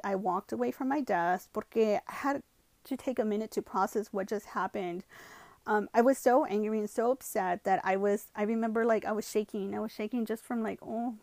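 A woman's voice: mid-range voice, darkish tone, no echo. A woman telling a personal story in a casual vlog, switching between English and Spanish and filling her talk with "you know" and "like.". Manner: lots of "you know" and "like" fillers. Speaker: vlogger.

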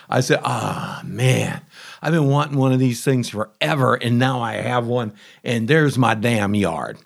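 A homeowner tells a casual, rambling story to camera about testing a new lawn mower. His gravelly, medium-pitched voice has lively intonation at normal speed, and he's chatty and conversational, interrupting himself with asides and grumbles.

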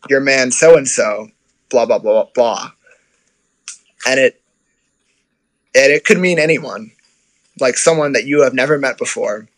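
Chatty guy, casual talk, mid-pitched voice, rambles with fillers and self-corrections. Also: a bit bright, poor audio. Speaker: guest describing life abroad. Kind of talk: casual conversation.

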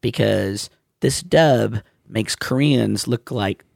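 A man's voice: fairly low pitch, takes it slowly, creaky, a little mellow, no echo, studio quality. A man hosting a casual chat, blunt and profane, ranting and laughing as he goes.

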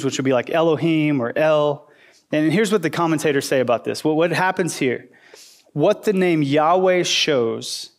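A man teaching a casual sermon in a chatty, playful way, full of "like" fillers and acted-out quotes. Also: fairly high pitch.

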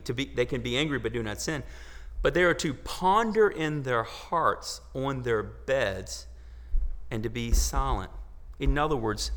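Bright-voiced preacher in a reverberant hall. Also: male voice, mid-range voice. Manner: conversational preaching with many rhetorical questions and restarts; swings from quiet asides to loud exclamations. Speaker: pastor. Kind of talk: sermon.

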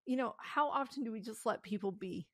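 A woman guest talking candidly in a podcast interview, earnest and animated, with bursts of laughter. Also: on the high side, brisk, no room sound, studio quality. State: tearful. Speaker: podcast guest, company founder.

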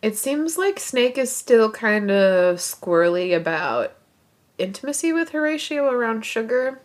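Woman co-host, high lively voice, quick to laugh. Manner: laughs often, animated. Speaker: podcast co-host. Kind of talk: casual chat.

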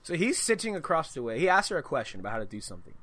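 Animated, high-voiced male podcast storyteller. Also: very fast, dry recording. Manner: animated, swearing, laughs through his story. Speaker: podcast host. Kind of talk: casual chat, telling a story.

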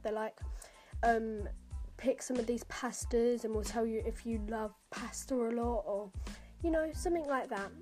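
A woman's voice: a little high, mellow. A teenage girl from the United Kingdom, rambling casually as a podcast host while she takes an online quiz. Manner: chatty and rambling, many fillers and asides.

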